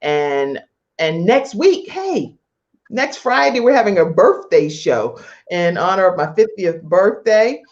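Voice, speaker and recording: A woman's voice: fairly low pitch, sing-song, slow pace. A woman in her fifties hosting a talk show, chatting enthusiastically with her guests and often repeating herself. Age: 50s. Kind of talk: casual interview chat. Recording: dull lo-fi online show audio.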